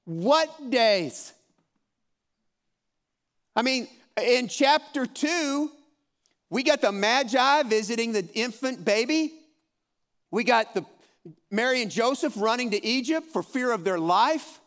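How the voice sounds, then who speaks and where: A man's voice: very high-pitched, animated, unhurried, a bit bright. A man in his fifties teaching a Bible study in a room with a live audience, speaking in an encouraging, folksy way and often repeating himself. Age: 50s.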